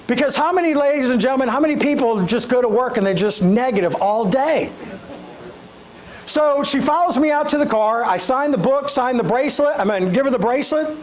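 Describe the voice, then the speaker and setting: A man's voice: very high-pitched, fairly quick, poor audio. A middle-aged man, giving a storytelling motivational keynote and speaking straight to the audience. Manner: animated, addresses audience directly.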